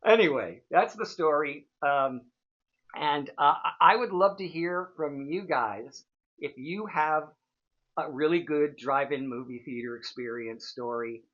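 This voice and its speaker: A man's voice: fairly high pitch, a little slow, highs cut off. A man in his sixties, a show host telling a casual, rambling story full of fillers. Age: 60s. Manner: chatty, rambling, frequent fillers.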